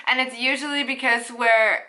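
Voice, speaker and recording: A woman's voice: a little high, steady tone, normal speed, pushed and bright. A young woman from Canada with a Canadian accent, chatting upbeat and casually to camera in a vlog. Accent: Canadian English. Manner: chatty and upbeat, with playful asides. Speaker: vlogger.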